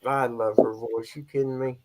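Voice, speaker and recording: A man's voice: medium pitch, flat delivery, moderate pace, darkish tone. A middle-aged man hosting a casual live stream, chatting and greeting viewers by name. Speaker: stand-in host of a live stream.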